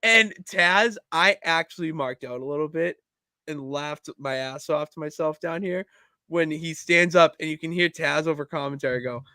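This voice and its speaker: A man co-hosting a wrestling podcast, chatting casually and telling stories in an animated way. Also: fairly high pitch, moderate pace, clear, resonant tone, dry recording, clean studio sound. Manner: animated storytelling, bursts into loud laughs. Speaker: podcast co-host. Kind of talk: casual chat.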